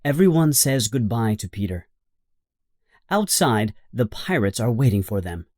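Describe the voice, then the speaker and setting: A man reading a children's storybook aloud in a slow, simple, expressive narration. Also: mid-range voice, no room sound, clean studio sound. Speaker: audiobook narrator.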